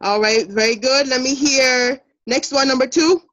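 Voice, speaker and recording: A woman's voice: high-pitched, normal speed, fairly bright tone. A woman with a Jamaican accent teaching an online class, giving instructions in an encouraging way with fillers. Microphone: video call. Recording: muffled video call audio.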